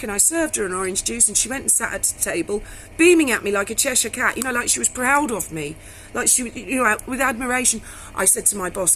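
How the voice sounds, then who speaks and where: A woman's voice: on the high side, lively intonation, fairly quick, sharp tone, slight background noise, low-quality recording. A middle-aged woman vlogging, telling a story bluntly in casual speech and swearing freely.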